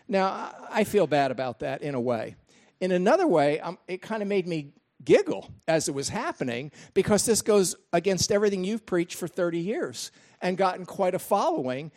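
An older man preaching a sermon, animated and emphatic, with chatty asides about his grandchildren. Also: high voice. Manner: animated, rising to emphatic peaks then dropping to asides. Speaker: pastor.

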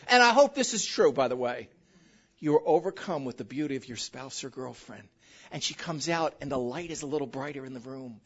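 A woman pastor with a very deep, husky voice speaks fairly quickly in a muffled lo-fi recording. Preaching a sermon, she animatedly tells jokey stories aimed straight at the congregation.

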